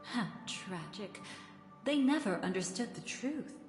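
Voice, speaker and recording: An actress playing an enigmatic, teasing woman who speaks in a smooth, measured, mysterious way, recorded as game voice acting. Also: mid-range voice, lively intonation, lightly acted. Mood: cryptic. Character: enigmatic, teasing woman with a cryptic, knowing air. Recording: reverberant game audio with music.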